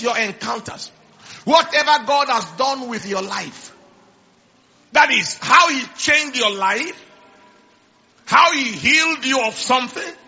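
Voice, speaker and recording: High, gravelly-voiced male preacher. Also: bright, forceful tone. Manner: preaching with repeated phrases and stammered restarts. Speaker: pastor. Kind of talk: sermon. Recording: slightly dull lo-fi sound.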